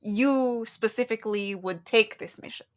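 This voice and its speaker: A woman's voice: a little high, lightly acted. A woman voicing a friendly, composed male demon hunter with a put-on accent in a tabletop game. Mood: curious. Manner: put-on accent, measured and polite. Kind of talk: tabletop role-play dialogue.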